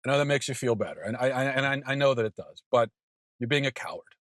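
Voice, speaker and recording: A man in his thirties hosts his own show, delivering an emphatic opinion monologue. He repeats himself for stress and stumbles into quick restarts. His voice sits at a middle pitch, and the recording is dry and close. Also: a bit bright, dry recording. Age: 30s. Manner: emphatic, repetitive, stammering restarts. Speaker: podcast host.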